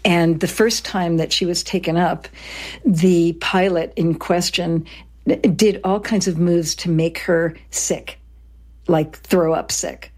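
A woman's voice: on the low side, fairly even intonation, slow pace, darkish tone. A woman co-hosting a history podcast, chatty, with fillers and personal asides. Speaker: podcast co-host. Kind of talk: conversational history storytelling.

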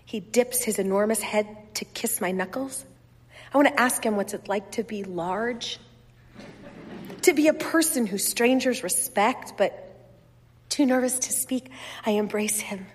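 Slow, husky woman reading fiction. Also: mid-range voice, big-room sound. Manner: measured, wistful, softly expressive. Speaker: reader. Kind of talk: first-person literary fiction reading.

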